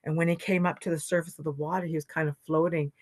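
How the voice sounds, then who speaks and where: With a deep voice and a quick pace, this storyteller and knowledge keeper from Canada recounts a traditional legend for her listeners. Her telling is expressive and full of dramatic dynamics, and there's no room sound.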